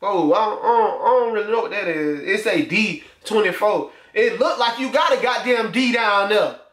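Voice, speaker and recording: Recording in an echoey room, a young YouTuber reacts on his channel at a moderate pace, his high voice fairly bright. He teases and jokes crudely in a loose style.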